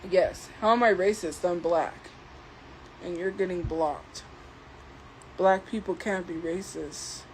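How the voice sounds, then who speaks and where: A woman livestreamer talking slowly and deliberately as she defends herself against commenters in her chat. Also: lowish voice, steady tone, a little hiss or hum, rough recording. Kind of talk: live stream talking to chat.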